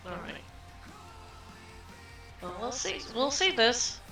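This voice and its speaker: A woman's voice: fairly high pitch, sing-song, pushed and bright, echoey room, shouting. A woman narrating as game master of a tabletop role-playing game, chatty and prone to restarts. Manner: laughing, chatty, halting restarts. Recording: distant mic with faint music.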